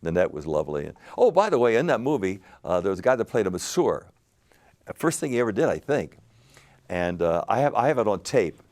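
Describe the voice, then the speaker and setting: An older man, a game show host, telling stories in an interview with lively animated delivery. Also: lowish voice, fairly quick. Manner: animated anecdotal storytelling with laughs. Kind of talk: storytelling interview.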